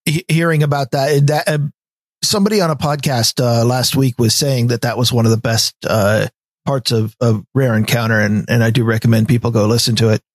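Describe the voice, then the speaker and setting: Halting American man on a podcast. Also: mid-range voice, steady tone, no echo, studio quality. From United States. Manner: hesitant, stammering restarts. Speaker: podcast co-host. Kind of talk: casual podcast chat.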